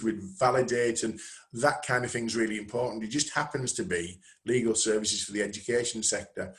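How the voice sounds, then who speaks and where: A man presenting a webinar on networking, chatty and self-deprecating over a video call. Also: medium pitch. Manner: lively, conversational, self-deprecating.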